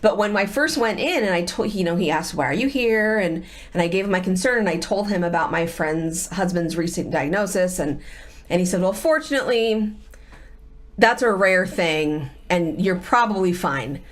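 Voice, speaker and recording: A middle-aged woman with a lowish voice speaks at a moderate pace. As a guest who is also the host's wife, she tells a personal story in candid conversation, animatedly acting out the voices of the people she quotes.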